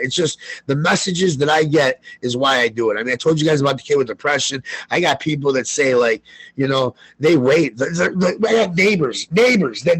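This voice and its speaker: Husky, hyped-up man telling stories. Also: rough recording. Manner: high-energy, loud, excitable storytelling with cursing. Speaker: guest sports bettor. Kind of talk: casual podcast interview.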